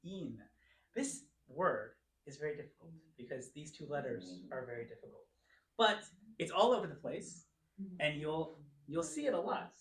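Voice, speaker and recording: Lively, encouraging man teaching a class. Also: on the high side. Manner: encouraging, sounds out words slowly. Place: church classroom.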